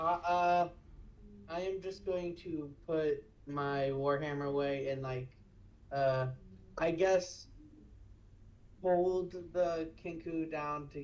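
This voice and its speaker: A man playing a tabletop game, thinking aloud hesitantly with many pauses. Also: a little high, a little mellow, low-quality recording. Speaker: player. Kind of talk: casual tabletop play.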